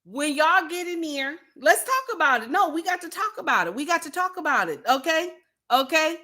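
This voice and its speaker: A woman livestreaming casual commentary, speaking straight to her chat. Her voice sits high and has a bright, sharp edge. She hammers her points bluntly and repeats lines for emphasis, like a preacher. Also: very animated, moderate pace. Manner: addresses viewers and chat directly. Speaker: livestream host.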